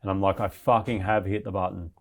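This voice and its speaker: A man's voice: deep voice, little pitch movement, fast talker. Swearing man telling a story. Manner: swears constantly, restless retelling of his ordeal. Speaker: podcast guest. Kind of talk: casual storytelling.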